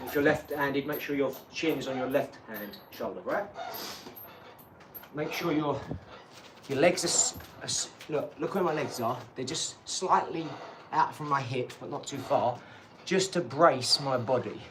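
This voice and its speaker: A man's voice: medium pitch, measured pace, noisy background. A man, hosting a live stream, chatting in a rambling, boastful way, laughing at himself and sliding into boxing tips. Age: 40s. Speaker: channel host.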